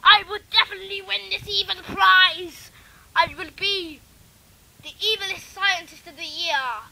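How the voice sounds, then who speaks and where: A woman's voice: extremely high pitch, fairly even intonation, creaky, pitched above the performer's own voice, full character voice. A woman voicing a gloating evil male scientist villain in a homemade story recording. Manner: loud, slow, gloating shouts. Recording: noisy home recording.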